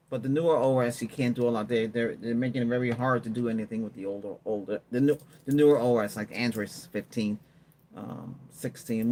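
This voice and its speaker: A man's voice: mid-range voice, a little mellow, slight background noise. A man hosting a tech livestream, chatting casually and rambling while he answers viewer comments and laughs often. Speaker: livestream host.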